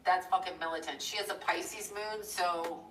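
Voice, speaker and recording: A woman chatting casually on a live stream while she draws, rambling, blunt and a little profane, with quick chuckles. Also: fairly low pitch, fairly bright tone, slight background noise. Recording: roomy echo from a distant mic.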